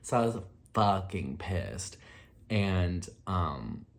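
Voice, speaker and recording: A young man with a slightly low voice chats through a casual storytime vlog. He rambles and leans on filler words. His pitch jumps up sharply when he gets excited. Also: very slow. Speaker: vlogger.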